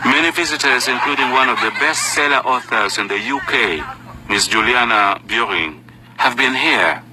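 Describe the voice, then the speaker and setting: A man giving scripted documentary narration in a measured, formal manner. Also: medium pitch, animated, low-quality recording.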